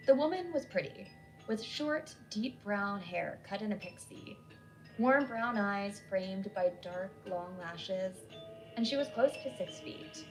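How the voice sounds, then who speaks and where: Woman narrator, mid-pitched, steady scripted read, faint music bed. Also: slow, poor audio. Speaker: horror story narrator.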